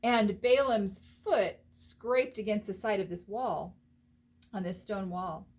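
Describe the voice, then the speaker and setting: A woman teaching a children's Bible lesson, telling the story in an animated, expressive way and asking the listeners questions. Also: medium pitch, takes it slowly.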